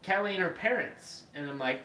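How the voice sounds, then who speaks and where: A man hosting a podcast, telling a story casually with lots of swearing and animated acted-out quotes. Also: high-pitched, brisk. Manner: profane, animated, acts out quoted voices. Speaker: podcast host. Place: live podcast room. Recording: echoey room, mic far off, faint noise.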